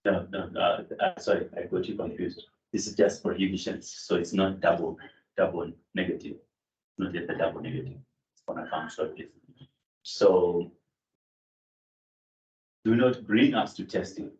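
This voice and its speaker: A man's voice: sits low, steady tone, normal speed, pauses often, darkish tone. A man teaching a Greek grammar class, explaining step by step with fillers and self-corrections. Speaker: Greek lecturer. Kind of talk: classroom lecture. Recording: echoey room, distant mic, dull sound.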